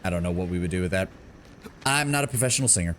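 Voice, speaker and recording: A man's voice: sits low, lively intonation, racing, slight background noise. A man streaming a game live, rambling casually to himself and his viewers and swearing now and then. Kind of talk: casual live gameplay commentary. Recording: loud game music behind the voice.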